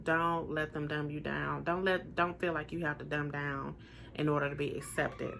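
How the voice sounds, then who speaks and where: A woman in her forties speaks in a low, deep register with a gravelly edge. She talks casually straight to camera, earnest and emphatic. She circles back to repeat her points for weight. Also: flat delivery, moderate pace, a bit bright, slight background noise. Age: 40s. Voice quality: naturally deep voice. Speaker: vlogger sharing personal experiences.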